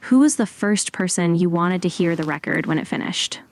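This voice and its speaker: A woman's voice: on the low side, animated, normal speed. A woman interviewer asking brief, direct questions.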